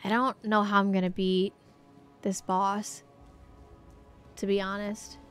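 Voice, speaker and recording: A woman's voice: mid-range voice, little pitch movement, slow, fairly bright tone, clean tone, faint music behind. A woman live-streaming a game from her home setup on a foam-covered desk microphone, chatting casually and cooing at her pet in baby talk. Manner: chatty, talks to chat between game moments. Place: home streaming room with a green screen.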